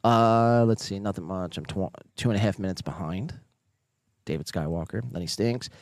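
A man with a Northeastern American accent hosts a live podcast from home, reading viewer chats in a casual, profane, joking way. His voice sits fairly low and jumps into loud bursts. The sound is close and dry, with no room echo. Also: normal speed. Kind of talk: casual livestream chat. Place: home, near neighbors.

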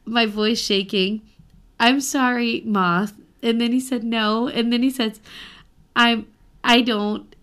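A woman's voice: fairly high pitch, flat delivery, unhurried, fairly bright tone, clear, resonant tone. A young woman co-hosting a book podcast, gushing over the story and reading passages aloud with feeling. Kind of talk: casual chat.

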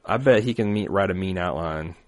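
A man's voice: low voice, a little fast. A man co-hosting a podcast, joking and teasing through casual banter. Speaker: podcast co-host. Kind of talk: casual chat.

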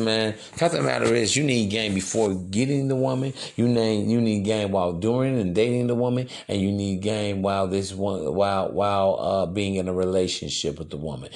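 Dude on his podcast, low gravelly voice, slangy and preachy. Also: darkish tone. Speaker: podcast host. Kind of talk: casual monologue.

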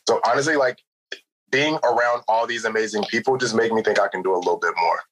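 A man co-hosts a relaxed podcast conversation. He speaks in a fairly low voice and keeps a matter-of-fact tone. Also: fast, low-quality recording. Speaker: podcast host. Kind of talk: casual podcast chat.

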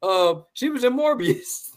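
A podcast host with an extremely high, animated voice talks a little slowly through a casual movie review. He's blunt, swears heavily, laughs a lot and repeats words.

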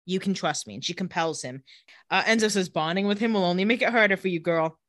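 On a podcast, a female co-host casually recaps a TV episode, acting out the characters' lines and dropping into low voices for them. She's animated and talks fast, and the studio-quality audio has no room sound.

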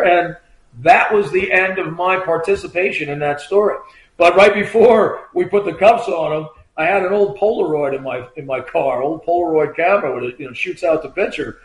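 Rambling middle-aged man in an echoey room. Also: sits high. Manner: rambling, filler-heavy, acts out quoted lines in a raised voice. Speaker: retired state trooper telling stories as guest. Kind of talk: casual anecdotal storytelling. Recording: roomy echo.

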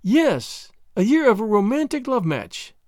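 A man's voice: high voice, wildly swooping pitch, a little fast, a little mellow, no room sound, clean studio sound, full character voice. A man reading a story, voicing a witty, bored young French noblewoman with a gay, teasing manner. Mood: arch, teasing. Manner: gay, teasing, airy delivery.

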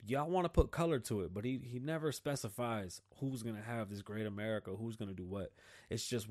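A man's voice: medium pitch, fast, a little mellow. A man hosting his own show, delivering a blunt, profane, slang-filled political rant in a casual style. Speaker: podcast host.

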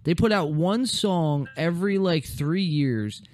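A young man hosting a casual podcast, rambling and profane with many fillers, his voice going hoarse. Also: fairly high pitch, animated, a little slow, a little mellow, no room sound. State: losing his voice. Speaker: podcast host.

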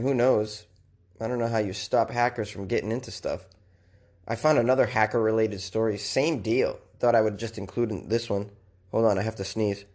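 A man's voice: mid-range voice, a little mellow. Joking, rambling male commentator. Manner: joking, rambling, self-deprecating. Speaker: podcast host. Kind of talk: casual news commentary.

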